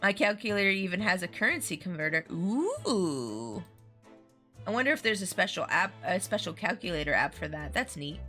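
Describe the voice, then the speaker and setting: A woman's voice: mid-range voice, very animated, normal speed, pushed and bright. A woman streaming a game, chatting casually and giggling between asides. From United States. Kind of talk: casual let's-play commentary. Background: faint game music.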